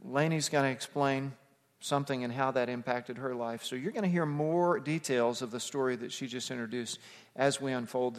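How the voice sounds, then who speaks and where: A man preaching as a pastor, emphatic and slowing down to stress key words. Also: fairly high pitch. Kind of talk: sermon. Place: church sanctuary. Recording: long hall reverb.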